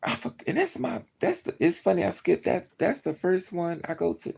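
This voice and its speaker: A vlogger telling a story in a casual chat, animated and gossipy, acting out both sides of the conversation. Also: mid-range voice, moderate pace, vocal fry, breathy edge.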